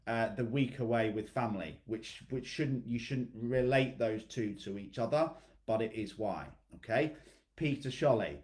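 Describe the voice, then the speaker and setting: A man coaching his fitness clients in a blunt, motivational talk, calling on them by name and checking in with "okay?". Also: mid-range voice. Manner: blunt, repeats "okay?", swears freely.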